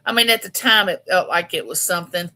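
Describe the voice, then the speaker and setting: A woman in her 50s chats on a casual live stream, homey and talking straight to her viewers. Her voice is lowish and sharp in tone, and she speaks a little fast.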